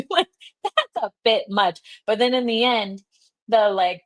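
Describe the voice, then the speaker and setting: A young woman hosts a livestream, casually telling a story while giggling, laughing often and saying "like" a lot. Her voice is fairly high and sing-song, slightly bright, and slow-paced, recorded dry.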